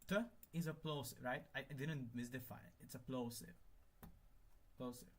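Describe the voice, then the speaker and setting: A young man live-streaming while he works at his computer, thinking out loud, muttering to himself and swearing when things break. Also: medium pitch, fairly even intonation, normal speed, a little hiss or hum. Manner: thinks aloud, mutters, swears, exasperated then laughing. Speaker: conlang streamer.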